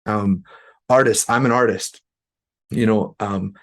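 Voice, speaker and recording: A man from Canada telling a personal story as a podcast guest, in an earnest, halting way with many fillers and restarts. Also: fairly low pitch, fairly even intonation. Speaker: guest musician.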